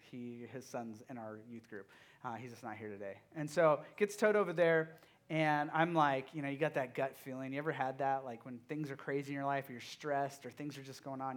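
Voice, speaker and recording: A man in his thirties, a youth pastor giving a casual sermon, telling stories in an animated way with many fillers. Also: medium pitch.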